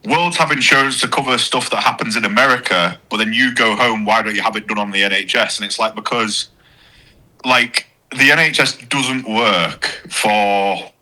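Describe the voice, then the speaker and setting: A man's voice: lowish voice, normal speed, sharp tone, poor audio. A man talking as a podcast guest, casual and self-mocking, with frequent swearing. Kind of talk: casual chat.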